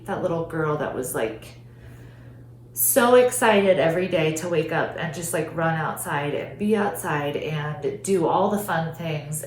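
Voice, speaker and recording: A woman hosting a podcast, telling a personal story in an earnest, heartfelt way, often saying "like". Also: lowish voice. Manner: earnest, heartfelt, frequent "like" fillers. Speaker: podcast host. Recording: roomy echo with faint hum.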